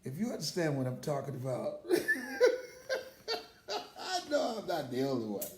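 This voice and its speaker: A man's voice: mid-range voice, huge pitch swings, fairly quick, a little mellow, echoey room, slight background noise. An older man, a motivational speaker, telling personal stories in a casual live stream and laughing heartily as he talks.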